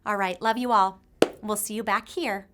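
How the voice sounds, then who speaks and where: A woman's voice: medium pitch, fairly even intonation, normal speed, background noise. A middle-aged woman speaking to a mothers' group in a conversational, heartfelt, faith-based talk.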